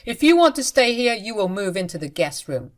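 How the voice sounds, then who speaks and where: A woman's voice: mid-range voice, big pitch swings, brisk, natural voice. A woman voicing an angry, controlling husband who speaks in a harsh, commanding way in a storytelling reading.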